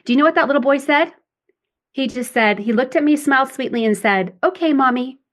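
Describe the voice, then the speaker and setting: Middle-aged woman, parent coach, fairly high voice, explanatory, acts out example lines. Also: brisk, fairly bright tone. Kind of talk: podcast interview, explaining.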